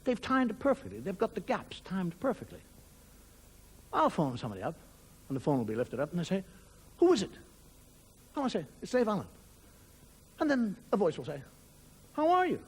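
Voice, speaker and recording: A man's voice: sits high, huge pitch swings, brisk, pauses often, breathy edge. An Irish man performing a stand-up monologue, telling wry stories with mock outrage. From Ireland. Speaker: stand-up comedian.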